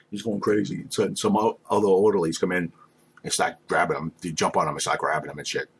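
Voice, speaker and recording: A man's voice: low voice, little pitch movement, brisk, slight background noise. A man running a tabletop game as game master, laid-back, swearing casually and laughing often.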